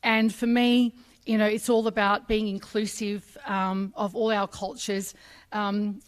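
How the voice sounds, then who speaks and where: A woman's voice: mid-range voice, level tone, unhurried, smooth. A middle-aged Australian woman speaking as ambassador at a public ceremony, chatty and self-deprecating with many ums. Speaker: Australia Day ambassador giving a speech. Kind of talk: ceremony speech.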